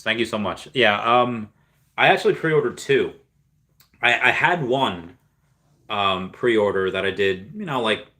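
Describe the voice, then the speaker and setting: A man hosting a casual livestream, reading out messages from chat. His voice sits fairly low but has a bright, forceful edge. He rambles a lot, with plenty of fillers and false starts. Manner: rambling, full of fillers and restarts; reads viewer messages aloud and replies. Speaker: streamer answering live chat.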